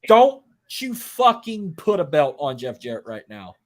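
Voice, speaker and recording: A man's voice: on the high side, very animated, unhurried. A man hosting a casual wrestling podcast who jokes, swears and rambles. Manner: joking, profane, rambling. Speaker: podcast host.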